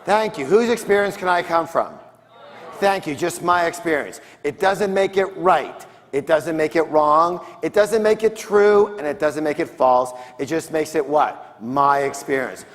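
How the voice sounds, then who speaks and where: A man's voice: on the high side, unhurried. A man giving a motivational seminar talk on stage, drawing call-and-response answers from his audience. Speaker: seminar speaker. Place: large conference hall, on stage. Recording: long reverb of a large hall.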